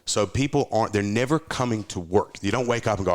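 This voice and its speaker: A man, a podcast guest talking business in a casual, animated way and acting out quoted voices. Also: fairly low pitch, quick pace.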